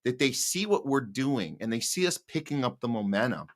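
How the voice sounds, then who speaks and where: A man's voice: mid-range voice, sing-song, moderate pace. A man hosting a political podcast, asking long, rambling questions full of restarts in casual chat. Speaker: podcast host. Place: Hollywood.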